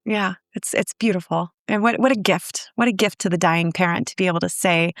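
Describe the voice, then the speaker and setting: A woman's voice: lowish voice, fairly quick, hardly any pauses, dry recording, studio quality. A woman therapist speaking earnestly on a podcast, emotional and given to restarts. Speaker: guest therapist. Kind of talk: podcast conversation.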